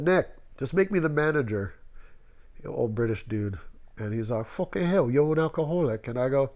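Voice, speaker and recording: A man's voice: medium pitch, a little mellow. A middle-aged man, a tattoo artist guest, telling long, rambling stories in a casual interview and acting out the people he quotes.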